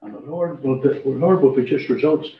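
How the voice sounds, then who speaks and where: A man's voice: medium pitch, moderate pace, a little hiss or hum. A man gives an informal church testimony, rambling through his story and acting out what people said. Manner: rambling storyteller, acts out quoted dialogue. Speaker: church speaker giving a testimony. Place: church hall. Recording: roomy, distant, dull church recording.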